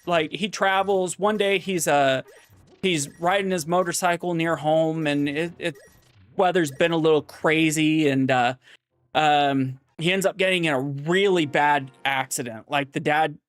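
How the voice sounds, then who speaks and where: A man on a stream telling a long shaggy-dog joke, rambling, correcting himself and filling pauses. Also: fairly high pitch, no room sound. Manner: rambling, full of fillers and self-corrections.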